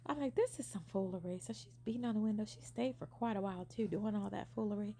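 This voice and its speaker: A young woman casually telling a personal story, animated, acting out what people said and using many fillers. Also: mid-range voice, fast, noisy background.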